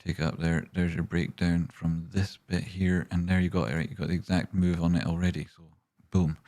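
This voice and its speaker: Low-voiced man ranting on a livestream. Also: little pitch movement, normal speed, mellow. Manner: ranting and swearing, then rambling while walking through charts. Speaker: livestream host and stock chart analyst. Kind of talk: casual livestream chat, reading viewer questions.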